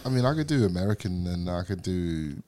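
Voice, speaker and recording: A man's voice: low-pitched, animated, brisk, dark tone. A man with a British-sounding accent, chatting casually as a podcast guest, rambling with restarts and often laughing. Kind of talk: casual chat.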